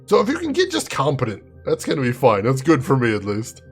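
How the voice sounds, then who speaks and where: A man's voice: medium pitch, wildly swooping pitch, brisk, breathy edge, faint music behind. A man live-streaming a game in a chatty way, laughing often and answering viewers by name. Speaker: game streamer reading chat. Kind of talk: casual live-stream chat.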